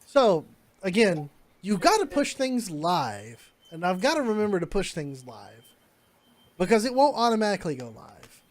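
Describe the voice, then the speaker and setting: A man narrating a tabletop game as game master, in a rambling, halting way. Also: high voice, big pitch swings.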